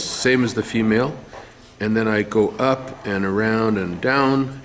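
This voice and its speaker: A man's voice: lowish voice, a little hiss or hum. A man teaching art, talking through a face drawing one step at a time while he draws, with some fillers. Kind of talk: drawing tutorial demonstration.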